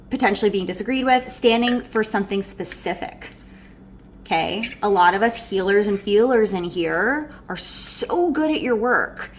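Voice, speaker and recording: A woman breathwork coach runs a live online workshop in an animated, casual style, swearing freely and laughing a lot. Her pitch is medium, and there's slight background noise.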